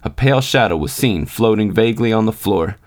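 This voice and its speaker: A man narrates a classic short story for a podcast. His voice sits low, and his reading is steady and measured. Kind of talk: scripted narration.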